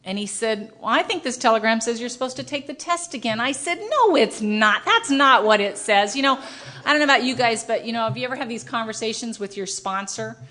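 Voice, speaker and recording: A middle-aged woman speaking at a recovery meeting, telling her story in an animated, self-mocking way and acting out the dialogue. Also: a little high, quick pace. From United States. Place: meeting hall with a live audience.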